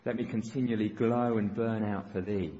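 A man's voice: on the low side, steady tone, normal speed, warm tone. Male pastor, earnest exhortation, dull recording in an echoing church. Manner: earnest, exhorting with short repeated phrases. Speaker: preacher. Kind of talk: sermon. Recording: dull recording with long reverb in a church hall.

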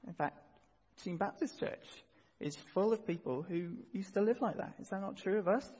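A man's voice: high voice, animated, normal speed, mellow, slightly rough, long reverb tail, dull audio. A male pastor preaching a sermon to his church, painting vivid scenes and guiding the congregation through the reading. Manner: earnest, vivid storytelling, leads the congregation in reading.

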